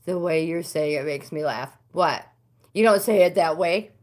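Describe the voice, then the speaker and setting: A middle-aged American woman hosting a casual livestream, chatting with viewers and answering their comments. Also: normal speed. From United States. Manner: chatty, talks back to comments, pitch swings up when animated. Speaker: livestream host.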